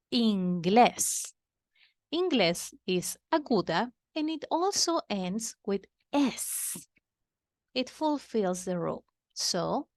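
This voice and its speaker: In a clean, dry studio recording, a woman with a medium-pitched voice patiently explains Spanish to kids in a slow lesson. She repeats the key terms and shifts back and forth between Spanish and English.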